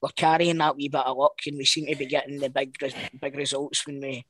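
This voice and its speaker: A man's voice: mid-range voice, a little fast. A Scottish man co-hosting a football podcast, telling stories casually and swearing. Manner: animated anecdote teller, sweary. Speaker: podcast co-host. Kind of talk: casual chat, storytelling.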